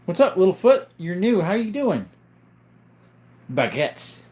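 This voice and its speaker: Hosting a live stream, a man with a high voice speaks fairly quickly, greeting viewers and reading out their questions. His explanations are relaxed and rambling, in a casual chat.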